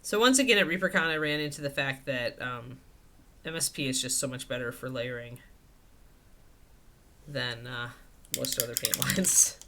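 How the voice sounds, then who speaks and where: A woman's voice: a bass voice, normal speed, pauses often, pushed and bright, a little hiss or hum. A woman teaching miniature painting in a casual live stream, chatting and thinking aloud at her home desk.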